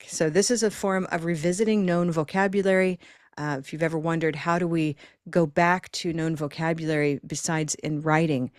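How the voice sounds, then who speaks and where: A woman's voice: low-pitched, darkish tone, no echo, studio quality. A woman leading an online teacher training session, upbeat and encouraging as she demonstrates with objects over a video call. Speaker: workshop presenter.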